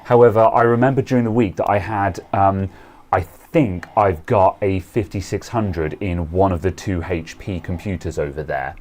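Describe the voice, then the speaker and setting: A man's voice: low voice, moderate pace, a little mellow. A man co-hosting a casual tech chat stream, rambling with frequent ums and restarts. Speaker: co-host of a tech talk stream.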